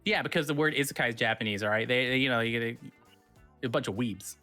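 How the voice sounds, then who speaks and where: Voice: medium pitch, quick pace, sharp tone, soft background music. A streaming talk show host explaining personal definitions in a playful, opinionated way. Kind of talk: casual streamed chat.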